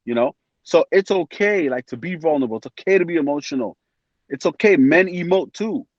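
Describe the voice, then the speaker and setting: A man talking as a podcast guest in an animated, casual way, acting out his friends' voices as he tells stories. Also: a little high, a little fast, no room sound. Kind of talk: casual chat. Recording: dry, dull lo-fi sound.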